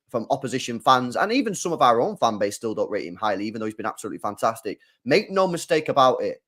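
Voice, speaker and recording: A man's voice: mid-range voice, fairly bright tone. A young man hosting a live football watchalong, making his points emphatically and repeating them. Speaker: host.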